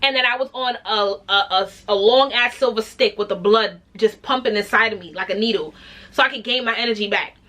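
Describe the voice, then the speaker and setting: A young woman telling a story in a casual vlog, animated and candid, swearing freely and acting out other people's voices. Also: medium pitch, brisk. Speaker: vlogger.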